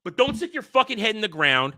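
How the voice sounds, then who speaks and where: A man delivering an angry, profane rant as the host of a commentary channel, sometimes breaking into shouts. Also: high-pitched, very animated, fast talker, no room sound, studio quality. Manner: heated, profane, shouting at times.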